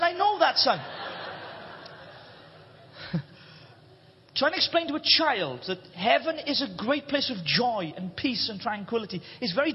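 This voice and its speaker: A Welsh man preaching a sermon, impassioned, swinging between shouting and hushed delivery. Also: high voice, breathy edge. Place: church hall. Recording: reverberant hall, dull lo-fi sound.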